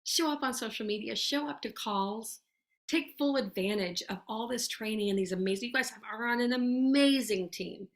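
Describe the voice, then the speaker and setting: Speaking at normal speed in a voice on the high side, a woman motivates her network marketing team in an earnest, conversational way, full of "you guys" and "y'all." Now and then she drops to a soft voice to perform sample messages.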